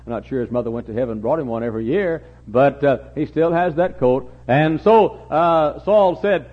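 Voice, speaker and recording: A man's voice: on the high side, normal speed, hardly any pauses. A man preaching a sermon as a folksy storyteller, with humorous asides and acted-out voices, in a dull lo-fi recording.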